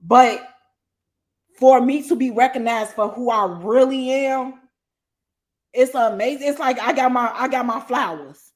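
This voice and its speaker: A woman with a high voice tells her story in an interview. She is blunt, emphatic and profane. She laughs often between points. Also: measured pace, long pauses. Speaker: guest, author.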